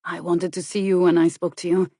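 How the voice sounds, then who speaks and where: A woman reading an audiobook, voicing a quiet, gentle and earnest man who is back from prison. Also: fairly low pitch, level tone, a little fast, breathy edge, no echo, studio quality. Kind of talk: audiobook character voice.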